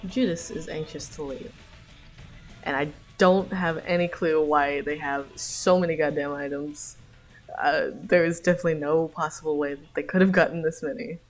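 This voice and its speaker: A young woman livestreaming a read-along of her own comic, just woken up, reading slowly and often breaking into giggles. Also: low-pitched, steady tone, faint music behind, low-quality recording. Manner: giggly, trailing off into laughter. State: just woke up.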